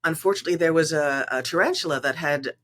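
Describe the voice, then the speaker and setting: Woman telling a lively story. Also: low-pitched, quick pace. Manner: animated anecdote-telling with laughter. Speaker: guest, company co-founder. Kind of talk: casual storytelling.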